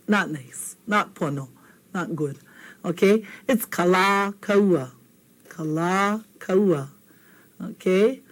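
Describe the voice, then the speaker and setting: A woman with a Hawaiian accent teaching a televised language lesson, patient and playful, saying words slowly and checking in with "okay?". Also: mid-range voice, poor audio.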